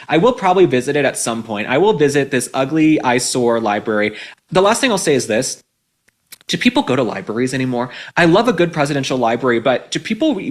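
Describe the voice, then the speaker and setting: A man in his twenties hosting an opinionated commentary and advice show, sarcastic and emphatic, repeating his points. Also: fairly high pitch. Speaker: host.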